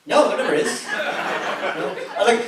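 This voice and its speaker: A man's voice: high-pitched, animated, measured pace. A man in his thirties with a Northern Irish accent from Belfast, doing a stand-up set with swearing, self-mockery and crowd work. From Belfast, Northern Ireland. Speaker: stand-up comedian. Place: comedy club stage with a live audience. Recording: echoey venue, heard from a distance, audible noise.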